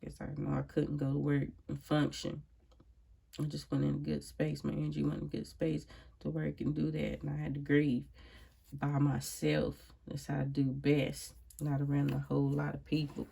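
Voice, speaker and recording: A grieving woman speaks from her home in a casual personal monologue, her voice deeply gravelly and husky. She sounds reflective and worn out. She often sighs and calls out prayerful exclamations between thoughts. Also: completely flat delivery, moderate pace, dark tone. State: grieving, emotionally drained. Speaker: vlogger. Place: at home, indoors.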